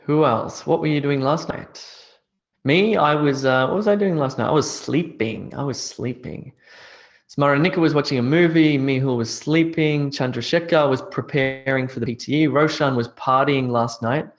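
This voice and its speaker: A man's voice: mid-range voice, moderate pace, highs cut off. Man teaching a live online grammar class. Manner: explains step by step, reads out student answers. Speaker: English teacher.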